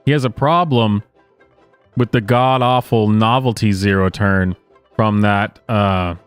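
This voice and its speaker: A man's voice: lowish voice, steady tone, unhurried, smooth, dry recording, faint music behind. A man hosting a reaction show, sighing and rambling in exasperated commentary. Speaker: host reacting to clips.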